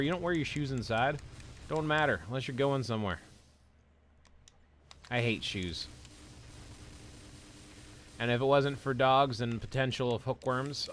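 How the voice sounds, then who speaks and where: A man's voice: medium pitch, lively intonation, moderate pace, long pauses, a bit bright, a little hiss or hum. A man streaming a mobile game, chatting casually and rambling as he answers viewers' comments. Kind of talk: casual live-stream chat while playing.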